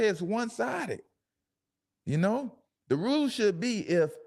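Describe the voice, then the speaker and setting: A man with speech hosts a talk show, reacting to a clip in a loose, animated way. His voice sits a little high for a man and he leans hard on emphasis. The delivery is casual and conversational. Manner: animated, laughing, drawn-out emphatic asides. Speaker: show host.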